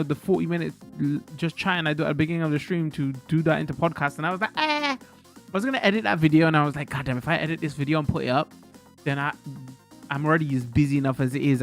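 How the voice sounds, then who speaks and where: A man streaming games, chatting and ranting loosely to his viewers with frank swearing. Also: a little high. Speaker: game streamer. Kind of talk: casual live-stream chat.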